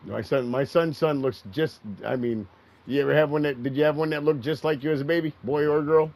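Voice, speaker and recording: A man's voice: on the high side, steady tone, fairly quick, a little mellow, rough recording. A middle-aged man streaming a game, telling a long profane story in a rambling way and repeating himself. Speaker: gaming streamer. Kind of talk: casual storytelling while gaming.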